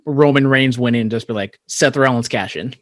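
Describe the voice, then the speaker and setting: A man from California co-hosting a casual podcast, measured and a little skeptical, pausing to find his words. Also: mid-range voice, no room sound, clean studio sound. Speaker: podcast co-host.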